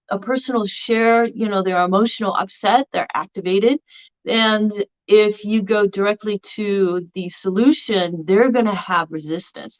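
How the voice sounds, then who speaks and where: A woman's voice: medium pitch, dull audio. A woman teaching in a conversational way, with many fillers and restarts. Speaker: spiritual teacher. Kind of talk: casual teaching talk.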